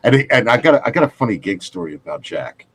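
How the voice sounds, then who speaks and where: A man hosting a casual chat, telling a gig story in an animated way. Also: mid-range voice, quick pace, breathy edge. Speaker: podcast host.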